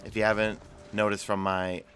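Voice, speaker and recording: A man's voice: fairly low pitch, flat delivery, moderate pace, fairly bright tone, faint music behind. A man with a New York accent streaming a video game live, chatting casually and answering viewer questions while he plays. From New York City. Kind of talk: live gameplay commentary.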